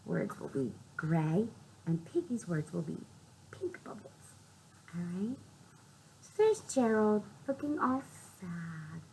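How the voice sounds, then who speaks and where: A woman librarian reading a storytime for small children, sing-song and often dropping into soft whispers. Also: lowish voice, animated, slow pace, vocal fry, slight background noise, low-quality recording.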